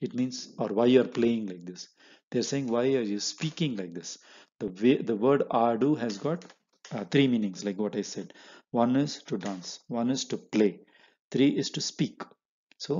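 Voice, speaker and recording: A man's voice: mid-range voice, dark tone. A man teaching a language from slides, explaining step by step and checking in with "right?". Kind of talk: slide-based language lesson. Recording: dull lo-fi audio.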